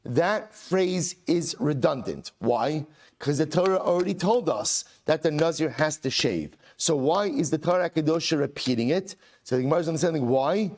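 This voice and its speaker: A man teaching a Talmud class as a rabbi, emphatic, repeating rhetorical questions and slowly chanting Aramaic phrases. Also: on the high side, lively intonation, a little mellow.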